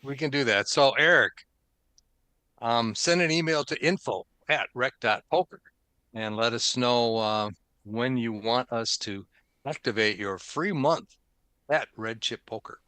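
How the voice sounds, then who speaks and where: An upbeat, chatty man hosts a podcast and laughs easily between points. His voice is bright and forceful, with a crisp, resonant clarity. It is recorded dry, with almost no room sound. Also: medium pitch, unhurried, dry recording. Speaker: podcast host. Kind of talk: casual podcast chat and show intro.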